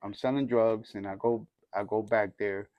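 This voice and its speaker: A man's voice: on the low side, steady tone, normal speed, no room sound, muffled recording. Man telling his testimony in street slang. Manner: casual street slang, acts out quoted dialogue; frequent restarts and "you know what I mean". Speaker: church group member giving his testimony. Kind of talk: personal testimony storytelling.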